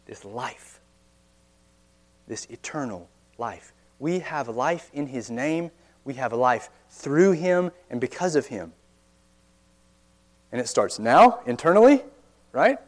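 A man's voice: fairly high pitch, lively intonation, slow, pauses often. Man preaching an earnest conversational sermon. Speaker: pastor.

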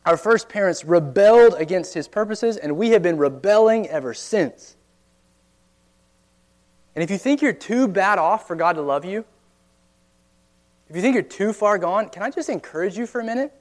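Male pastor, slightly raised pitch, earnest conversational sermon, asks rhetorical questions. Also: lively intonation, normal speed, pauses often, darkish tone.

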